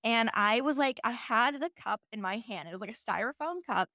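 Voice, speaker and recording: A woman's voice: fairly high pitch, animated, moderate pace, sharp tone, dry recording, clean studio sound. A young woman in her twenties hosting a podcast, telling a personal story in a casual, chatty way full of "like" fillers. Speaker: podcast host.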